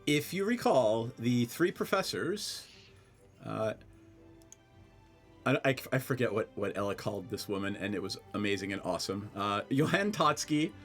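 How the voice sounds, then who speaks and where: A man from Scranton, Pennsylvania, narrating as game master of a tabletop game, playful and halting with many fillers. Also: lowish voice, big pitch swings, soft background music.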